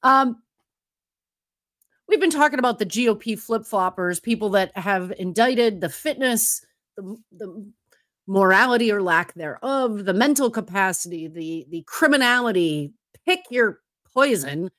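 A woman's voice: mid-range voice, expressive, measured pace, fairly bright tone, no echo, clean studio sound. A woman hosting a political talk radio show, emphatic and sarcastic.

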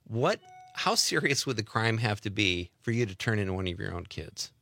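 Bright-voiced male radio host. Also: fairly low pitch, sing-song, moderate pace, creaky, no echo, clean studio sound. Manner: joking, conversational. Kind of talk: casual radio chat.

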